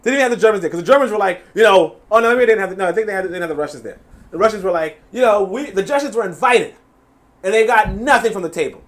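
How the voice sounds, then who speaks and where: A man with a New York accent giving animated, profane live reaction commentary. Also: high voice, racing. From USA. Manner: animated, profane, laughing asides. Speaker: reaction streamer.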